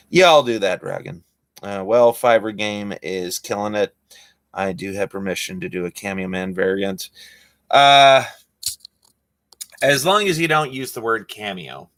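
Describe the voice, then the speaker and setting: A man's voice: on the low side, normal speed, a bit bright. A man chatting casually on a live stream while he draws, rambling with lots of fillers.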